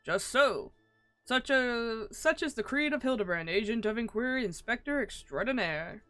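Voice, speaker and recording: Woman reads a theatrical, pompous male inspector; big proclamations, animated delivery. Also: fairly high pitch, moderate pace, no echo, soft background music. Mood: grandiose. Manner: grandiloquent, old-fashioned proclamations. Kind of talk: reading game dialogue aloud.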